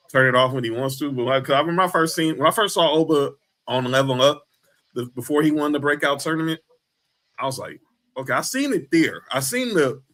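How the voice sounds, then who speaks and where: A man's voice: medium pitch, a bit bright. A man co-hosting a wrestling podcast, talking casually in long rambling runs and laughing easily. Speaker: podcast co-host. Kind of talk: casual chat.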